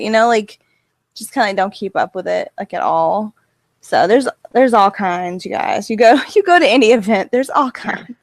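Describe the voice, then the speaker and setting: Woman, podcast co-host; relaxed, mid-pitched, dry close sound. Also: normal speed, dry recording. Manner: relaxed, agreeable, laughs often. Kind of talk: casual chat.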